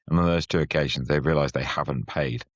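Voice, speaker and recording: Very deep, husky-voiced male host. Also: fast talker, no room sound. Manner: teasing, chummy banter. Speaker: podcast host. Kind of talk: casual chat. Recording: slightly muffled, dry sound.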